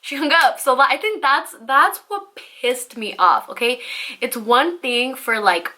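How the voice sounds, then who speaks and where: A young woman telling a storytime vlog in a chatty, animated way, full of "like" and "you know", and swearing freely. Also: high-pitched, a little slow. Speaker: vlogger.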